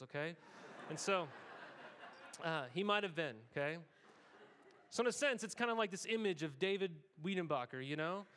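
Speaking in a somewhat high voice for a man, a pastor addresses his congregation casually, dropping in lots of quick asides and frequent "okay?" He swings between light banter and sincere, emphatic preaching, all in a lively conversational style.

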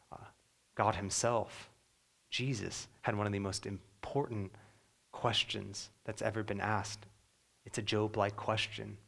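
A young adult man preaching a sermon as pastor, earnest, sometimes dropping to a soft hush. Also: fairly low pitch, gravelly.

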